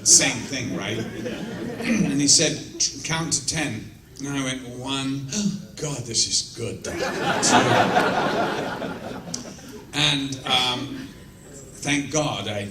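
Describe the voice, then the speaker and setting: In a mid-range voice at a slow pace, a man casually answers convention fans' questions with blunt, profane, self-deprecating anecdotes. The recording, made in a large convention room with an audience, has roomy echo, a distant mic and faint noise.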